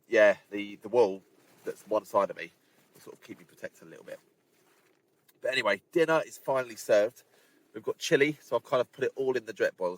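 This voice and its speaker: Low-voiced chatty hiker outdoors. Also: male voice. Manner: chatty, addresses viewers directly, relaxed asides. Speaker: hiking vlogger. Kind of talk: casual talk to camera. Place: outdoors on windy fells at a campsite.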